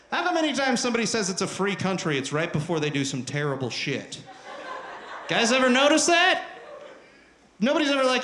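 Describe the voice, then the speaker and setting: A man performing stand-up comedy on stage, talking in a profane, animated way and shouting at the crowd. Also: sits high, normal speed, slight background noise. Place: live comedy venue on stage. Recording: roomy live club recording.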